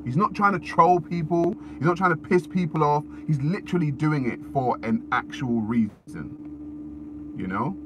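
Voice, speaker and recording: A man's voice: a little high, a little slow. A man ranting casually on a live stream into his phone, swearing often and repeating himself as he searches for words. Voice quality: animated, profane, repetitive. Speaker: livestreamer. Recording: background noise with passing vehicles.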